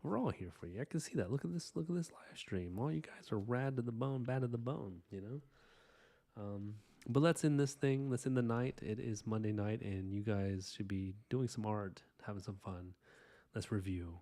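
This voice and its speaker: A man with a lowish voice talking through an art live stream in a loose, rambling way. He thanks his viewers earnestly and drifts into soft asides and fillers between thoughts about his drawing. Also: normal speed. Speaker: live-stream artist host. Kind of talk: casual live-stream chat while inking.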